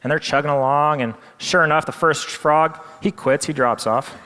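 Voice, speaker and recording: A male presenter telling a story with animated, dramatic delivery. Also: fairly high pitch, moderate pace, big-room sound.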